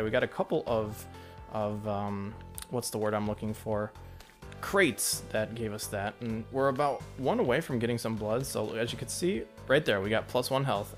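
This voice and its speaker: A man giving casual let's play commentary, thinking aloud and getting excited at close calls. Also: fairly low pitch. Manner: chatty, excitable, thinks aloud about each move. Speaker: gameplay commentator.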